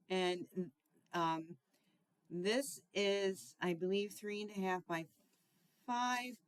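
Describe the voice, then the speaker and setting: A middle-aged woman hosting a casual card-making tutorial, chatty and sometimes searching for words, with frequent ums and throat clearing. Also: medium pitch, takes it slowly, long pauses, no echo. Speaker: craft tutorial host.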